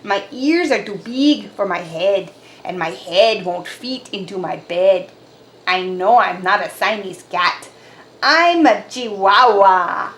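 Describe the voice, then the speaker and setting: A woman voicing an excitable boy Siamese kitten who thinks he is a Chihuahua, playful, with a put-on Spanish flair. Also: high voice, measured pace, a little hiss or hum, voice pushed up, full character voice.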